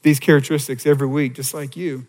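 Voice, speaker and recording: A man preaching a sermon in a church sanctuary, in a conversational and animated style full of rhetorical questions. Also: mid-range voice, fast talker. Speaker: pastor. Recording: long reverb of a church hall.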